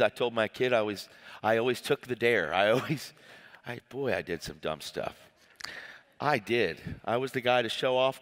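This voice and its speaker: A man preaching a personal testimony sermon, telling his story in an animated, emotional way with many restarts. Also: on the low side. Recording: long hall reverb.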